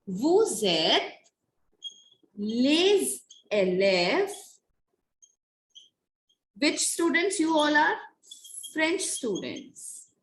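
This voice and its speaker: A woman teaching a French class, slowly and patiently repeating and quizzing her students. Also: sits high. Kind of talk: classroom lecture. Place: echoey classroom. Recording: echoey room with faint noise.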